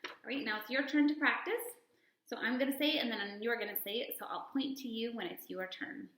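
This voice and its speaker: A woman speech-language pathologist modeling sounds and words slowly and deliberately for children to repeat. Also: fairly high pitch, fairly bright tone, echoey room, slight background noise. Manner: slow, deliberate word-by-word modeling. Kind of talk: speech therapy lesson.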